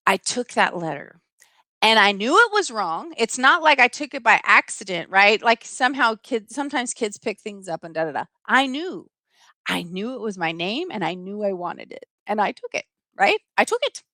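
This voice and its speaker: A middle-aged woman hosting a live stream, telling a personal story in an animated, emphatic way and often checking in with "right?". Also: medium pitch, moderate pace, dry recording.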